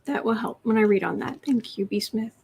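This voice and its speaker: A woman's voice: a little high, fairly quick, gravelly, darkish tone, breathy edge. A woman tarot reader chatting on a live stream, reading viewer questions aloud and cooing to her cat between them.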